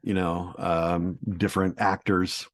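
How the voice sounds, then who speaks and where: Animated, encouraging man from Texas. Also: deep voice, slow pace. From Texas, USA. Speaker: guest voice actor. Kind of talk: casual podcast chat.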